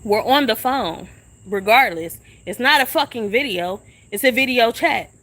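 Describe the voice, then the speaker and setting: Young woman, high bright voice, angry profane rant, phone live stream outdoors. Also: expressive, unhurried. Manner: confrontational, profane, repetitive questioning. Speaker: livestreamer. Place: outdoors at a shelter.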